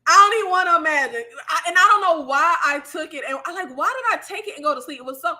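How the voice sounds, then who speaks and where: A woman hosting a casual chat with her viewers, telling stories in an animated way, laughing and swearing freely. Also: very high voice, fast talker. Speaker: YouTube host.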